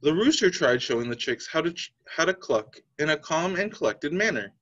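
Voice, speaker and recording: A male teacher reading a picture book aloud to young children. His somewhat high voice rises and falls very expressively. The sound is slightly dull and lo-fi. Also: moderate pace. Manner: expressive, lively storytelling.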